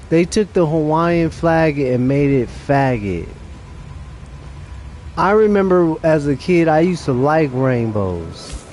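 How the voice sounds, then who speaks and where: A man's voice: fairly high pitch, darkish tone, a little hiss or hum. A young adult man streaming a game late at night, chatting casually in a rambling, profane way with restarts.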